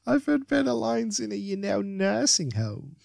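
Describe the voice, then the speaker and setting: A man doing a squeaky, ditzy valley girl. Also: huge pitch swings, unhurried, vocal fry, darkish tone, dry recording, clean studio sound, exaggerated voice. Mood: squealing. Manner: gushing, full of "like" and "you know". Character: ditzy valley-girl woman game-show contestant.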